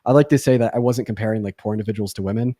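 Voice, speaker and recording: A man's voice: fairly low pitch, fairly even intonation, very fast, mellow. A young adult man hosting a livestream debate, casual and rambling with lots of fillers, often sarcastic.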